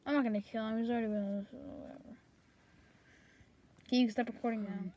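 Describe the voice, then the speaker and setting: A woman with a high voice runs a chaotic, improvised home video skit. She hops from one character to the next with a loose, offhand delivery. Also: fairly even intonation, brisk, long pauses, mellow. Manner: chaotic, jumps between characters.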